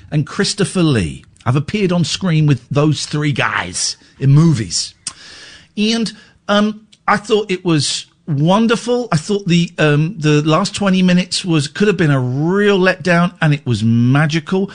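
A male English radio host in lively banter, ranting in mock outrage and stumbling over restarts. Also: fairly high pitch, takes it slowly.

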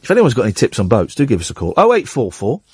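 A man hosting a late-night talk radio show, chatting in a wry, meandering way with a slightly husky voice. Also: medium pitch, huge pitch swings, racing, darkish tone, dry recording, studio quality. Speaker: radio host.

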